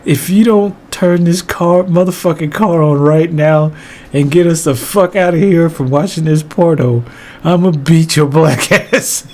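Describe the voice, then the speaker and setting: A woman's voice: low-pitched, measured pace, a little mellow. A man voicing an angry mother who scolds and swears at her husband. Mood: furious. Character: furious mother, a middle-aged woman with a fierce temper.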